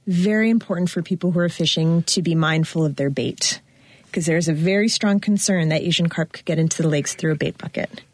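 A woman appearing as a guest on a radio talk show, giving measured advice. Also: lowish voice, no echo. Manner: measured, advisory. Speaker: studio guest.

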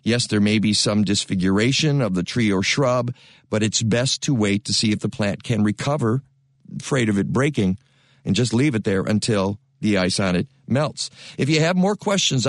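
A man's voice: medium pitch, no echo. Guy hosting a radio gardening show, jokey and folksy, dry close studio mic. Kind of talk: chatty radio talk and read sponsor spots.

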